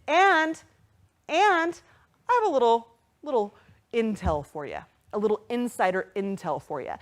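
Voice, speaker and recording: Woman, fundraiser host, bubbly, excitable, very animated pitch. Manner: bubbly, excitable, thanks donors by name. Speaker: gala host. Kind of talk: live-stream fundraising emcee. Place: virtual gala live stream.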